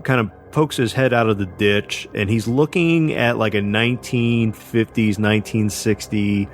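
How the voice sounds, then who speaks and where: Low-voiced man telling a rambling story. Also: a little slow, faint music behind. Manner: rambling, many fillers and restarts. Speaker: podcast co-host. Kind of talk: casual storytelling.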